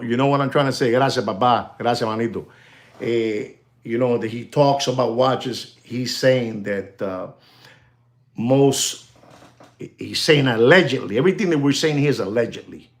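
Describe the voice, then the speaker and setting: Gravelly man ranting on a livestream. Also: mid-range voice. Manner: animated, repetitive, switching into Spanish; conspiratorial, addresses viewers directly. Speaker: live stream host. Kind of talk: casual livestream monologue.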